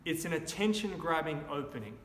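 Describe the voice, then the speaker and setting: Australian male preacher, slightly high voice, chatty and wry, echoey hall with faint hiss. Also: lively intonation, a little fast. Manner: conversational, wry humour, emphatic shouted examples. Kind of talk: sermon. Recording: echoey room, long reverb, faint noise.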